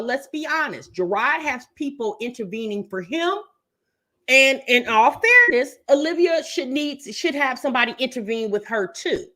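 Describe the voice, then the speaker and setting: A woman's voice: a little high, pushed and bright. A woman hosting a reaction channel, chatting to viewers and calling them y'all and baby. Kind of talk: casual commentary to viewers.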